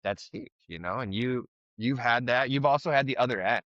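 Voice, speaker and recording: Guy rambling about recovery, bright edgy voice, kinda dull dry mic. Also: mid-range voice, fairly quick, dry recording. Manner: rambling, frank, swears, many fillers. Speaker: podcast co-host. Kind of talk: casual recovery podcast chat.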